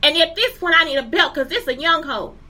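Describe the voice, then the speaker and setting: Very high, sharp-voiced angry woman ranting. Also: animated, brisk. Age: 40s. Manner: profane, heated, keeps asking listeners if they understand. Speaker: teacher. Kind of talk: angry rant to camera.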